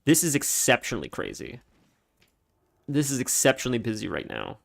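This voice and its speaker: A man's voice: medium pitch, wildly swooping pitch, fairly quick, creaky. Laid-back man rambling over gameplay. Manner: rambling storytelling, laughs often. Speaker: streamer. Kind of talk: casual gameplay commentary.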